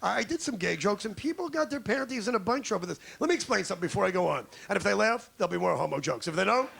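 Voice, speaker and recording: Brash gravelly comedian from New York. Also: male voice, sits high, animated, rapid-fire, a bit bright. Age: 40s. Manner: brash, crowd-baiting, ranting. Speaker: stand-up comedian. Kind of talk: stand-up comedy set. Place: comedy club stage. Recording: live club recording with audience noise.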